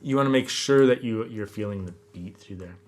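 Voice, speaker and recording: A man giving a classical guitar lesson, explaining technique in a relaxed way and counting beats aloud. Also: lowish voice, brisk. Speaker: guitar teacher. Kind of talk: instructional lesson talk. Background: classical guitar playing.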